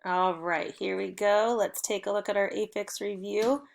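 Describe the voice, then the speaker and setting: Woman teacher, children's phonics lesson, upbeat, encouraging, clear prompts, young adult. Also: medium pitch, steady tone, moderate pace, slight background noise.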